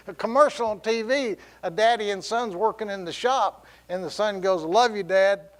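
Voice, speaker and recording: High-voiced preaching pastor. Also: male voice, moderate pace, fairly bright tone. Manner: storytelling with laughs and quoted voices. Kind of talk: sermon. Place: church sanctuary.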